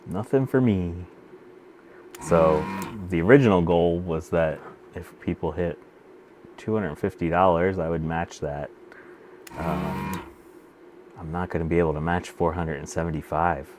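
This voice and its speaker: A man's voice: low-pitched, unhurried, pauses often, noisy background. A man casually chatting with his live-stream viewers while he solders a computer, often half under his breath. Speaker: streamer repairing vintage computers.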